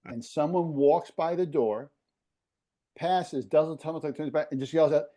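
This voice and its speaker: A man with a New York accent chats as a podcast guest, his voice mellow and dark. He tells stories with plenty of animation and slips into the voices of the people in them. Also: fairly high pitch, a little slow. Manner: animated anecdotes, voices others in quotes. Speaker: podcast guest, former basketball operations director. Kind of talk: casual storytelling chat. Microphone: video podcast mic.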